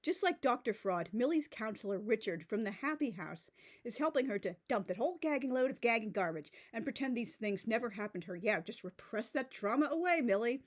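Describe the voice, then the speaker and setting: A woman's voice: on the high side, animated, a little fast. A woman giving a casual, sarcastic book review, reading out passages and mocking them, with many "like"s and restarts. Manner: sarcastic, filler-heavy with frequent "like" and restarts. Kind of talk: casual commentary video.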